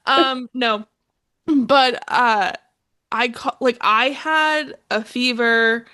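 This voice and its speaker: Young female podcast co-host, somewhat high-pitched, rambling casual storyteller. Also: extremely slow, pushed and bright. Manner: rambling storyteller with many fillers. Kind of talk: casual chat.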